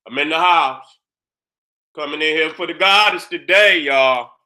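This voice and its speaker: A man with a high, very bright, forceful voice delivers a fired-up monologue from his own channel. He is boastful and combative, swears freely, and keeps circling back to the same phrases while checking that his listeners understand him. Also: a little slow.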